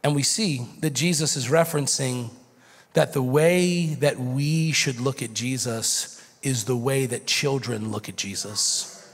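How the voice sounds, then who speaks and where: A man preaching a sermon as pastor in a church, moving from quiet teaching to loud, shouted preaching. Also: medium pitch, measured pace. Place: church sanctuary. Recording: long hall reverb.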